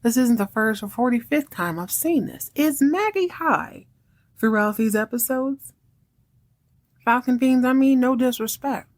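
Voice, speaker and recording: A woman's voice: a little high, expressive. Chatty woman recapping a TV drama. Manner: chatty and wry, acts out characters' lines in quick voices. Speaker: podcast host recapping a TV series. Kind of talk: casual chat recap.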